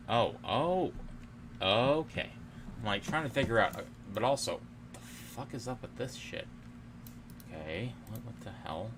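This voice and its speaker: A man's voice: lowish voice, background noise. A man streaming live as he works at his computer, chatting casually, muttering to himself and swearing often.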